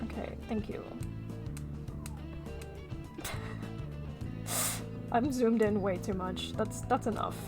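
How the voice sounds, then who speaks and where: A woman streaming as she draws, chatting casually with her viewers, animated and quick to swear. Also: medium pitch, over music. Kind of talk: casual chat while drawing on stream.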